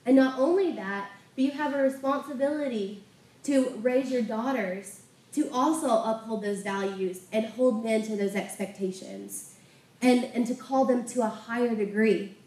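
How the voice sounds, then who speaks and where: A woman's voice: fairly high pitch, normal speed, a little mellow. A woman preaching a sermon, telling a testimony story with passion. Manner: impassioned storytelling. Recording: roomy sound from a distant mic.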